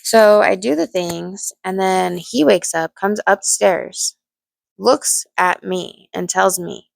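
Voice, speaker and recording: A woman's voice: mid-range voice, slow pace, no room sound. A young woman telling her own story to camera in a blunt, candid way, swearing freely and restarting her sentences. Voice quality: gravelly vocal fry. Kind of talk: personal storytime monologue.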